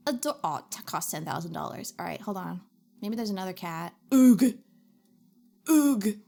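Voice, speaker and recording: A woman's voice: lowish voice, moderate pace, gravelly. A young woman streaming a game in casual chat, giggly and chatty, often restarting her sentences. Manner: giggly, chatty, self-interrupting.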